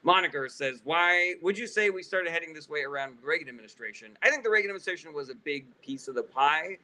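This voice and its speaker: A man's voice: a little high, lively intonation, fast, bright, forceful tone, rough recording. A man hosting a casual political livestream Q&A, reading out viewer questions and answering bluntly with plenty of profanity.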